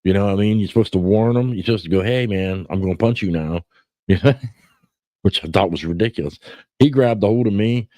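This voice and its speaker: A middle-aged man hosts a podcast, speaking quickly in a lowish, warm voice with no echo. His casual storytelling wanders, with lots of cursing and restarts.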